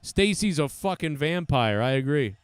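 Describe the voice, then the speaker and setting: A man's voice: fairly high pitch, lively intonation, normal speed, clean tone, no echo. A man hosting a live stream, giving casual commentary to his chat in a crude, joking, rambling way.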